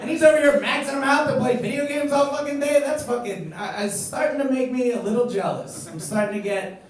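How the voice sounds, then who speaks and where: A young adult man doing a stand-up set, ranting and swearing, building to loud indignant outbursts. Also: extremely high pitch, fairly quick. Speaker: stand-up comedian. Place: comedy club stage. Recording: echoey room, far from mic, crowd laughing.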